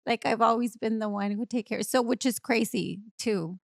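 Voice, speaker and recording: Podcast guest: woman, high voice, dry studio sound, animated storyteller who laughs a lot. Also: moderate pace, gravelly, no room sound. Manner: animated, laughing, switching between English and Spanish. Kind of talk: casual storytelling chat.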